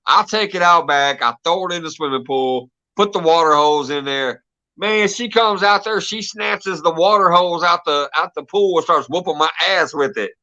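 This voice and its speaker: A man's voice: fairly high pitch, normal speed, bright, forceful tone. A man hosting a casual live stream, telling stories with lots of laughter and swearing. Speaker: host. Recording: dull lo-fi stream audio.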